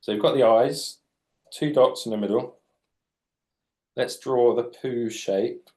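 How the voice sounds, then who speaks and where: Taking it slowly, a man in his late 40s speaks in a mid-range voice with a darkish tone. He's a children's author drawing live for young readers, chatting, joking and explaining his drawing.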